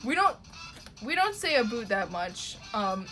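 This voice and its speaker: A woman's voice: mid-range voice, big pitch swings, takes it slowly, bright, forceful tone, faint music behind. A young woman from Ontario with a Toronto Canadian accent, chatting casually and rambling with swearing while she draws on a live stream.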